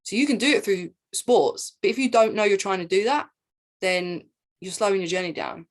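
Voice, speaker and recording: A woman, a spiritual teacher, telling her own story in an excited, rambling monologue full of repeats and asides. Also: medium pitch, moderate pace. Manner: excitable, repeats herself, jumps between asides.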